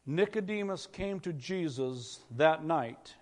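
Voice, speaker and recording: A man's voice: a little high, expressive, slow. A man preaching a sermon as pastor, talking conversationally and putting questions to the congregation. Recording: long reverb of a church hall.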